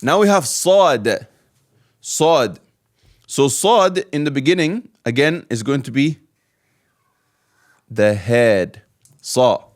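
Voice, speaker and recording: Slow, patient male teacher. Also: mid-range voice, lively intonation. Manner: patient, repeats each sound slowly. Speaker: Arabic teacher. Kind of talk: slow step-by-step lesson.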